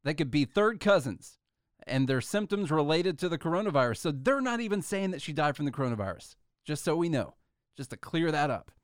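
A man's voice: a little high, sing-song, a little fast, dry recording, studio quality. A man hosting a talk show, reading news articles aloud and adding sarcastic comments in casual commentary.

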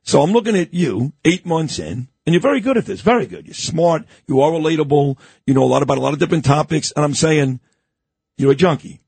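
Lively husky male radio host. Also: a little high, fast talker, dry recording. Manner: animated, chatty, confessional. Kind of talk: casual radio interview. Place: radio studio. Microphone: studio microphone.

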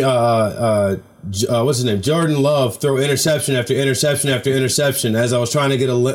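A man co-hosting a casual sports podcast, arguing his points with frequent halting restarts. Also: mid-range voice. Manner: argumentative, halting. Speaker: podcast co-host.

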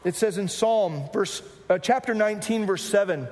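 High-voiced pastor guy preaching, lots of questions and jokes, echoey big hall. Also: moderate pace, hardly any pauses. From Arizona. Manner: animated, humorous, full of rhetorical questions. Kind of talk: sermon. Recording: reverberant hall.

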